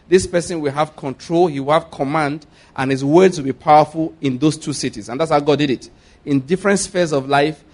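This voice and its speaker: A male pastor preaching a sermon, repeating his points and asking the congregation to respond. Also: a little high.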